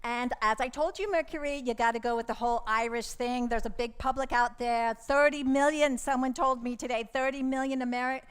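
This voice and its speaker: A woman's voice: fairly high pitch, steady tone, brisk, hardly any pauses, clean tone, close to an everyday voice. A woman playing a pushy, rambling stage-mom manager in a live comedy sketch. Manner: pushy, rambling, self-promoting.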